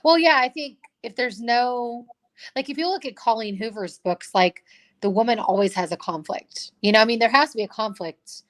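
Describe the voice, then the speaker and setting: A woman's voice: a little high, normal speed. A woman in her thirties co-hosting a casual book chat, rambling with many fillers and restarts. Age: 30s. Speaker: co-host.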